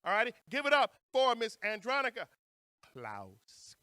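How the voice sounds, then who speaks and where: His voice is very high-pitched, fast, pushed and bright, with a clean tone. He's a man with a New Orleans accent emceeing a conference, trading playful jokes with the audience to get them hyped.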